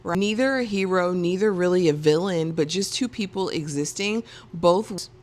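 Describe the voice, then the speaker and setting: Low-voiced woman recapping TV. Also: moderate pace, darkish tone. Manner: chatty and emphatic, colloquial. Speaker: vlogger. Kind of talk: casual TV episode recap.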